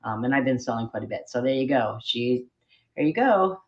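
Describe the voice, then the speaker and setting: A woman's voice: a bass voice, lively intonation, fairly quick, dull audio. A middle-aged woman selling vintage jewelry on a live stream, chatting casually and rambling as she shows each piece from a spare bedroom at home. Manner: chatty, rambling, self-deprecating. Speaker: online jewelry seller. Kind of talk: live-stream auction chat.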